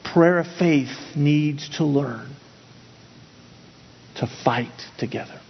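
Taking his time, a middle-aged pastor earnestly tells a personal story during a sermon, with plenty of restarts and repeated words. His gravelly voice is on the high side. The dull recording has long hall reverb and a slight hiss or hum.

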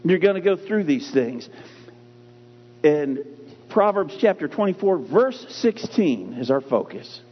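A man preaching with a husky, slightly high voice that swings widely in pitch. He hammers key phrases through slow, drawn-out repetition. The recording is dull and muffled, with a long reverb ringing through a church sanctuary. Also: very animated. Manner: emphatic, repeats key phrases with drawn-out stress. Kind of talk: sermon.

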